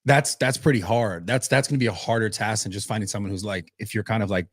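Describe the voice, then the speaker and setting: A man giving casual commentary in a clip, talking quickly with frequent restarts. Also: lowish voice, dry recording, clean studio sound.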